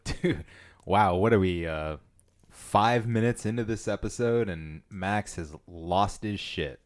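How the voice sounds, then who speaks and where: A man's voice: lowish voice, takes it slowly. A man co-hosting a podcast in casual chat, laid-back and amused, mostly giving short replies. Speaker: podcast co-host.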